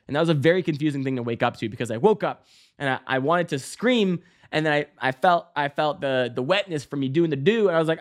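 A man hosting a podcast, telling a story casually with lots of fillers, restarts and swearing, breaking into loud high yelps. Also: brisk. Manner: bursts into loud high-pitched exclamations when acting out scenes. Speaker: podcast host.

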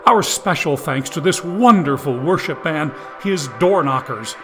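Man doing a fervent televangelist, high pleading voice, tearful, faint music underneath. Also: a little slow, close to an everyday voice. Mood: preaching. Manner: preachy, rising fervor, pleading. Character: fervent male TV preacher, tearful, pleading for donations.

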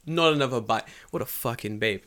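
A man tells a story on a casual podcast. He swears freely and jumps into the voices of the people in his tale. His pitch sits right in the middle. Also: fairly quick, a bit bright. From England. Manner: profane, storytelling, acts out quoted voices. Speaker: podcast co-host. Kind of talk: casual chat.

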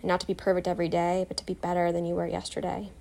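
A woman guiding a self-compassion meditation, soft, calm and encouraging, telling a short personal story. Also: lowish voice, racing, gravelly. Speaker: meditation guide.

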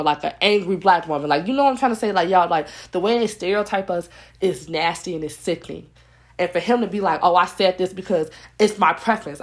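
Young woman ranting on her vlog, blunt and fired up, lots of like and y'all. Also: medium pitch. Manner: blunt, heated, repeats herself, peppered with "like" and "y'all". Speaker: commentary vlogger. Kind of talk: casual rant to viewers.

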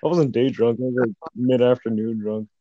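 A man's voice: medium pitch, steady tone, moderate pace, dry recording. Man, drunk, rambling, heavy swearing, dull phone mic, dry sound. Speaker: podcast co-host. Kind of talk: casual chat.

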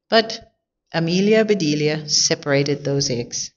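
A woman reading a children's picture book aloud in a clear, expressive way. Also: lowish voice, moderate pace, lo-fi sound. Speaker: storyteller.

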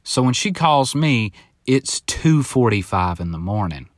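Casting note: man in his thirties, solo podcast host, rambling and profane, average pitch, dry close mic. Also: sing-song, unhurried, no room sound. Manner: rambling storyteller, swears freely, acts out other voices in quotes. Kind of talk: casual solo podcast monologue. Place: home, now living in Southern California.

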